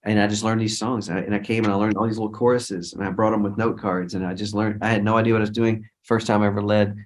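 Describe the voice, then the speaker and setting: A man's voice: lowish voice, little pitch movement, fast. A middle-aged man, a guest worship leader, telling stories in a casual interview in a rambling way, with many restarts and quoted dialogue.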